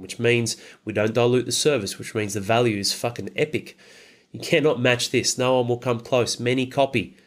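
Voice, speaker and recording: A middle-aged man giving a blunt, emphatic motivational talk as a coach for fathers, swearing heavily. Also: mid-range voice.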